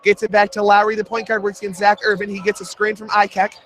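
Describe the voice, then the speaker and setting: Excitable young man calling college hoops. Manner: jokey, rapid play-by-play that jumps in pitch on big shots. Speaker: play-by-play announcer. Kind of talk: college radio basketball commentary.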